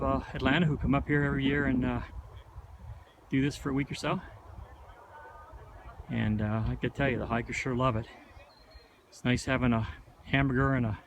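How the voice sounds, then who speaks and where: A man's voice: medium pitch, fairly even intonation, moderate pace, long pauses. Out-of-breath man vlogging on the trail. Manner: friendly, chatty interviewer. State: out of breath from climbing. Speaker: hiker filming a trail vlog. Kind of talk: casual vlog narration and chat. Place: outdoors on a mountain trail. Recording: outdoor noise behind.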